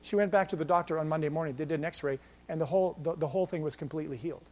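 A male pastor preaching a sermon, swinging between loud exhortation and quiet storytelling. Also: fairly high pitch, very fast.

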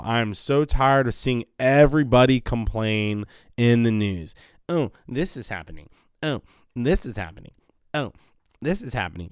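A man's voice: fairly low pitch, clean tone, no room sound, clean studio sound. A man hosting a solo podcast, rambling and swearing casually with many restarts, sounding a bit tired. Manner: rambling, profane, restarts often. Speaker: podcast host.

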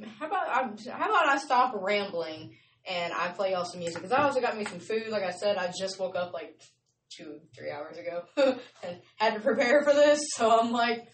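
A woman's voice: medium pitch, far from the mic. A woman hosting her show in a casual, rambling, chatty way, often laughing. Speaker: show host. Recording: roomy sound from off-mic with faint noise.

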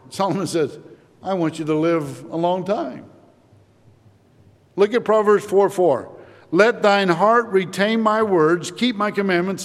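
A man preaching a sermon, slow and deliberate, rising in emphasis as he quotes scripture to his congregation. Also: sits high. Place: church sanctuary. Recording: long church-hall reverb.

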